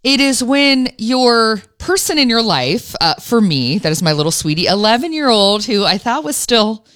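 A woman radio host telling a personal story in an animated, self-mocking way. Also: on the high side, normal speed.

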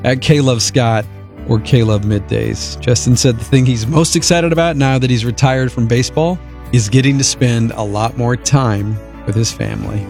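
A man's voice: mid-range voice, normal speed, gravelly, darkish tone, faint music behind. A male radio host presenting a feel-good story in a friendly, upbeat way.

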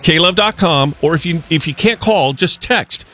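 A man co-hosting a radio fundraising drive, earnest and excitable, laughing between his lines. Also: fairly high pitch, moderate pace, soft background music. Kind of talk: on-air fundraising appeal.

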